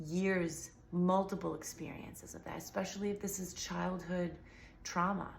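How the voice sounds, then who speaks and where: Gravelly-voiced woman vlogger, slightly sore. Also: fairly low pitch, fairly even intonation, measured pace, reverberant, slight background noise. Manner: earnest, rambling, many fillers. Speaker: healing vlogger. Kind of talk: casual talk to camera.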